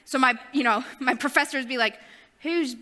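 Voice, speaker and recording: A woman's voice: high-pitched, steady tone, brisk, pushed and bright, long reverb tail. A young adult woman giving a casual youth sermon, chatty with self-deprecating asides. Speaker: youth ministry speaker.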